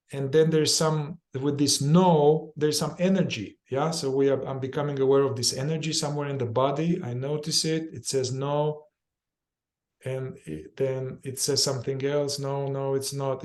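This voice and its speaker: A man's voice: a little high, a little mellow. Man running a casual somatic group session. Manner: informal and repetitive, acts out inner voices with quick chanted phrases and swearing. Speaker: somatic therapy facilitator.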